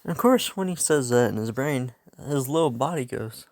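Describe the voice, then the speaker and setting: Gravelly young man rambling through a story. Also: medium pitch, lively intonation, normal speed, no echo, studio quality. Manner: rambling, self-interrupting, laughs at himself. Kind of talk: casual improvised fan story narration.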